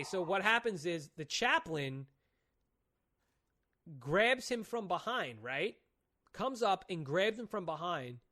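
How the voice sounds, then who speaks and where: A man co-hosting a podcast in casual chat, excitedly and profanely retelling comic book plots at length. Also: a little high. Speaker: podcast co-host.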